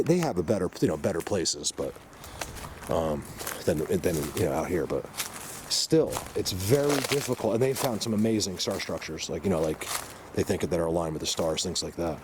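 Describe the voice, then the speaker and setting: A man vlogging on a handheld camera outdoors in the woods, rambling excitedly and talking to his viewers. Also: deep voice. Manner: excitable, rambling, addresses viewers as you guys. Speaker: Bigfoot hunter vlogger. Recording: noisy outdoor camera audio. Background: birds and outdoor ambience.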